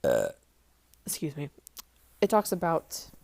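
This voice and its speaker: Young woman, low voice, gravelly, rambling podcast chat, dry close sound. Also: wildly swooping pitch, takes it slowly, a little mellow, no room sound. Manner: rambling, many fillers and restarts. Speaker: podcast host. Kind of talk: casual solo podcast chat.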